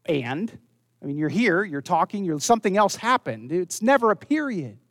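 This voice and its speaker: A man preaching a sermon, earnest, dropping low and soft when he quotes scripture. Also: big pitch swings, moderate pace, no echo, studio quality. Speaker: pastor.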